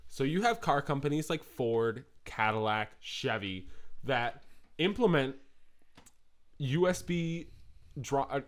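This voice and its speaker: A man co-hosting a casual tech podcast, talking in an animated, exasperated rant. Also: medium pitch, slow, pauses often. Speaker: podcast co-host.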